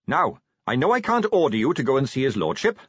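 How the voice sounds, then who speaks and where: A man's voice: mid-range voice, sing-song, fast, slightly rough, dry recording, highs cut off. A man reading an audiobook, voicing an earnest, eager young male watch captain who sounds keen, dutiful and reassuring.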